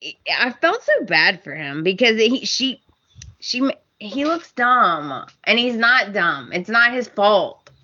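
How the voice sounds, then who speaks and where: Bright-voiced woman recapping a soap. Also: medium pitch, takes it slowly, dull audio. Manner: animated, acts out characters' lines. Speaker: podcast co-host. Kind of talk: casual soap opera recap chat.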